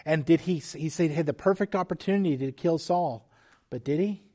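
A man preaching a sermon as pastor, earnest and measured, with restarts and small asides. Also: on the high side, warm tone.

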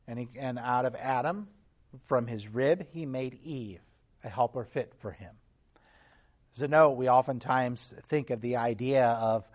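A pastor with a medium-pitched voice preaches a sermon at a measured pace, teaching earnestly. He restarts sometimes and occasionally clears his throat.

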